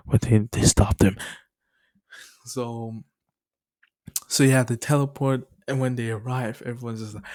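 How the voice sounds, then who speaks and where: A young man loosely retelling a cartoon plot from memory, rambling with lots of fillers and asides. His voice sits at an ordinary middle pitch, and his talk is casual and amused. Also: steady tone, normal speed, long pauses, dark tone. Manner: rambling, laughs at his own story. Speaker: storyteller.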